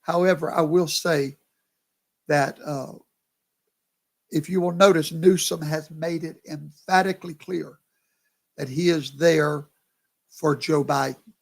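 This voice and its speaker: A man's voice: on the high side, steady tone, takes it slowly, vocal fry, pauses often. A man, a pastor chatting casually on a livestream, tired and yawning, talking to viewers by name. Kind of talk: casual live commentary.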